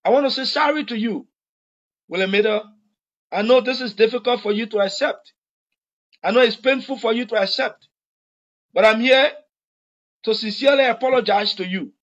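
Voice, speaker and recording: A man's voice: very high-pitched, a bit bright, muffled recording. A man with a Liberian English accent, a former government official, giving an earnest, repetitive public apology.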